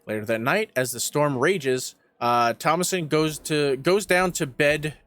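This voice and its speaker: A man's voice: a little high, a little slow, a bit bright. A man co-hosting a podcast, recapping a film's plot in casual, profane chat. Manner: recaps plot, swears, acts out quotes. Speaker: podcast co-host.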